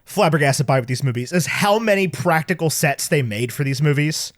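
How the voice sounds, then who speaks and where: A man co-hosting a podcast, chatting casually about movies, animated and full of stumbling restarts. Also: fairly high pitch, brisk, no echo, clean studio sound. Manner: animated, stumbling restarts, quotes people in voices. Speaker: podcast co-host.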